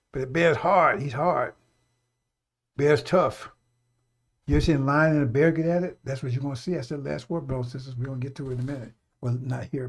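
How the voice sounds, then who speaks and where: A middle-aged man giving a fiery, off-the-cuff radio sermon, blunt and profane, repeating his warnings over and over. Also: medium pitch. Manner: blunt, profane, repetitive exhortation. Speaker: radio preacher.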